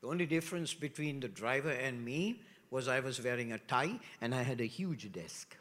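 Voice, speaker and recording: A middle-aged man preaching a sermon as pastor, with animated rhetorical questions, dropping to hushed asides and rising loud again. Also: mid-range voice, normal speed. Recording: long reverb of a large hall.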